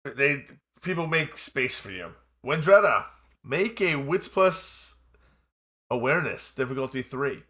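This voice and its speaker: Male game master, bright ringing voice, measured narration between casual rules chat. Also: medium pitch, animated. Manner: measured storytelling narration mixed with casual table talk.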